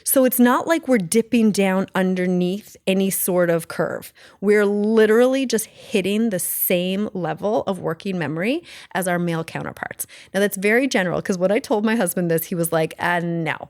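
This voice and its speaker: A middle-aged woman talks straight into a close mic, blunt and chatty, wandering off and correcting herself as she goes. Her pitch sits in an ordinary middle range, and the sound is dry and close with no room around it. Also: normal speed, few pauses, darkish tone, dry recording. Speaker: podcast host. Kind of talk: casual solo podcast talk.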